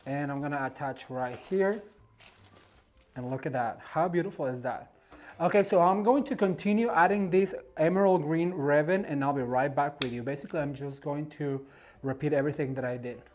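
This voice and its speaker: A man's voice: a little high, moderate pace. Effusive male decor host, chatty and encouraging, demonstrating at home. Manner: effusive, encouraging, gushes over the materials. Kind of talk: casual how-to demonstration. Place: at home beside a Christmas tree.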